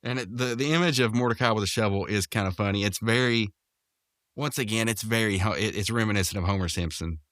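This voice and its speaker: A man's voice: fairly low pitch, fast, fairly bright tone, no echo, clean studio sound. A man hosting a podcast, casually recapping a cartoon episode, rambling with lots of fillers and restarts. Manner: rambling, full of fillers and restarts, quotes characters in raised voices.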